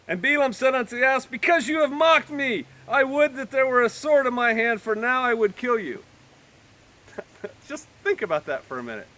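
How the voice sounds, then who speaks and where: Male Bible teacher, high and bright, alternating formal scripture with wisecracking asides. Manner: reads old-fashioned scripture, then breaks in with joking everyday asides. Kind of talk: scripture reading with casual commentary.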